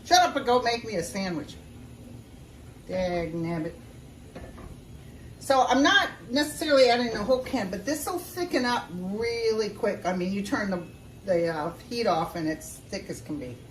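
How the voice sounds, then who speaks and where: A woman's voice: mid-range voice, lively intonation, normal speed, a little hiss or hum. Chatty woman cooking in a kitchen. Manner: chatty and folksy, talks straight to viewers. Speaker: home cook showing a recipe. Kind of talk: casual cooking vlog. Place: home kitchen. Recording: roomy sound from a distance.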